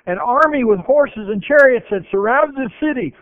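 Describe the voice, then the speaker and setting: A man preaching a sermon and retelling scripture with animated voices. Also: very high-pitched, normal speed, no room sound. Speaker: pastor. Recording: tinny phone-like radio broadcast.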